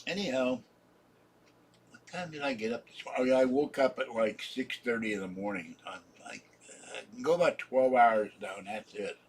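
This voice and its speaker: A drowsy man in his seventies talks to his live-stream viewers with a husky, slightly breathy voice. His pitch sits in an ordinary middle range, and he rambles on, yawning and sleepy, in a loose chatty way. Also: moderate pace. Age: 70s. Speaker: channel host. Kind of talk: casual live-stream chat.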